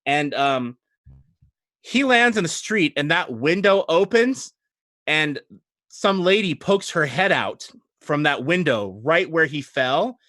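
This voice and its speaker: Lively, animated male game master. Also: fairly high pitch, takes it slowly, no room sound. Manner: animated, chuckling narration with frequent ums. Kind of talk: narrating a tabletop game livestream.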